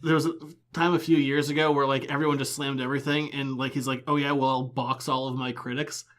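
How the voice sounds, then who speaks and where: A man co-hosting a pop culture podcast, chatting casually in a sarcastic, animated way. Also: mid-range voice, fast talker. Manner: animated, sarcastic, reads quotes aloud with mocking emphasis. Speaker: podcast co-host. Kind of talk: casual chat.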